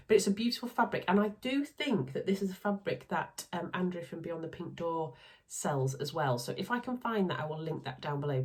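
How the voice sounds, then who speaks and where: A woman with a Yorkshire accent chatting casually and cheerfully in a vlog about her sewing projects. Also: low-pitched. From Yorkshire, England. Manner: chatty, upbeat, talks through sewing makes with asides. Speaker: sewing vlogger. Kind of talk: casual chat.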